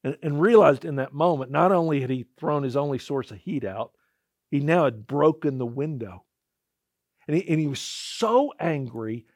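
A man preaching a sermon and telling a story dramatically, dropping to a hush and rising to loud cries. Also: fairly high pitch, dry recording, studio quality. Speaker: pastor.

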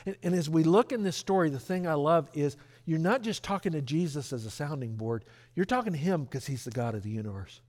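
Lively pastor preaching earnestly. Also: male voice, on the high side, fairly quick, hardly any pauses. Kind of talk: sermon.

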